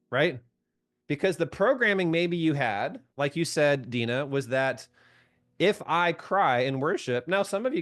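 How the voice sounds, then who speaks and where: A man leading a group call as a coach, chatting casually, asking his listeners questions and laughing often. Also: fairly high pitch. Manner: chatty, asks the audience questions, laughs often, keeps saying "right?"; reads out and answers viewers' comments by name.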